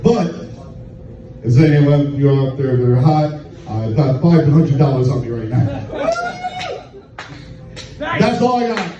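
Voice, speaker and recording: A man doing crude stand-up at a bar open mic, telling a raunchy story in a deadpan way. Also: mid-range voice, slow, pauses often. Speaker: stand-up comedian. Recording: echoey, distant, muffled room recording with noise.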